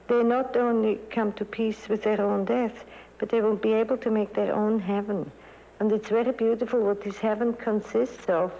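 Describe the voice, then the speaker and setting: A woman speaks in a mellow, soft-edged voice, earnest and gentle as she reflects on the dying children she has treated. Her pitch sits in an ordinary middle range. The sound is a dull, lo-fi recording. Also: big-room sound. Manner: earnest and gentle, reads quoted poems aloud. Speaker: psychiatrist.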